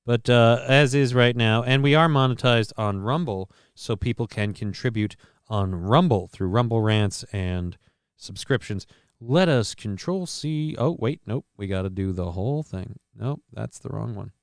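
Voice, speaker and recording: Guy hosting his stream, cussing and rambling about the news, super crisp clean voice, mid pitch. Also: a little slow, no echo, clean studio sound. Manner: profane, rambling riffs on news items. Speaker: live-stream show host. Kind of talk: casual live-stream commentary.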